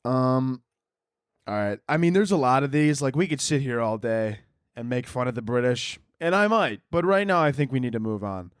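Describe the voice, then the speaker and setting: A man's voice: medium pitch, animated, moderate pace, smooth, no room sound, studio quality. A young man hosting a solo podcast, rambling and joking crudely, often laughing at his own bits and slipping into mock voices. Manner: mock posh voices for imagined waiters. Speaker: podcast host. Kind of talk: casual solo podcast rant.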